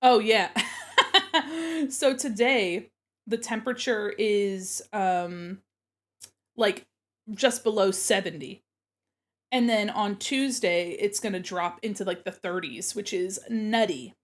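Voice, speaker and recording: A woman's voice: medium pitch, slow, long pauses. A young woman streaming from home, chatting casually and giggling while she eats, with her mic set away from her face. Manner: giggly, chatty, talking with her mouth full. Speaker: art streamer.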